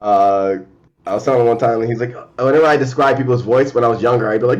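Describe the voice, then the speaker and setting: A man's voice: medium pitch, fast talker, dull audio. A young man guesting on a casual chat, telling stories with laughter, stammers and voices for the people in them. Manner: lively storyteller, laughs, stammers, does voices.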